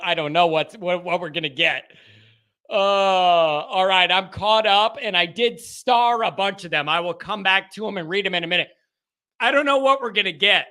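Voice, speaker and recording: A high, very bright male voice hosting a live call-in show. He talks in an animated, rambling way, chuckling between thoughts. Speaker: show host.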